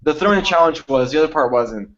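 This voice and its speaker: A young man co-hosts a casual podcast, telling a long story and acting out what others said. His voice sits a little high, and the audio is dull and lo-fi. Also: quick pace, crowd noise. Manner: animated storytelling, acts out quotes, swears freely. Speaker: podcast co-host. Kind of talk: casual chat.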